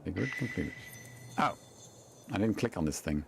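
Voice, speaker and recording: A man's voice: sits low, expressive, moderate pace, creaky, music in the background. Muttering young male game streamer. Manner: mutters and swears, reads game text aloud. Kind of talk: casual gameplay commentary.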